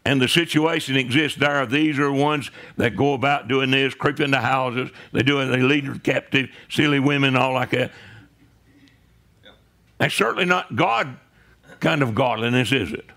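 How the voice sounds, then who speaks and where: A man with a mid-range, fairly bright voice preaches at a normal speed in a church sanctuary. As the pastor, he keeps things conversational, frequently turning to the listeners with a "right?"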